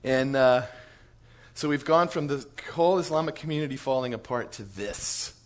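A man on church staff telling a lively story to church leaders, chuckling as he goes. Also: mid-range voice, normal speed. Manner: animated storyteller, chuckles through his story.

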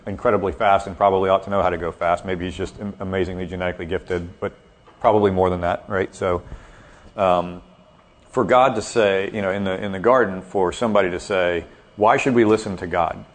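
A man leading a group theology discussion, thinking aloud with lively asides. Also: deep voice. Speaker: discussion leader.

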